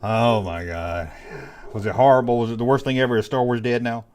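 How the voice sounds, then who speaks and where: A man's voice: medium pitch, steady tone, a little fast, darkish tone, slight background noise. Laughing, joking call-in show host man. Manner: laughs often, playful teasing. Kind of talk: casual live call-in chat.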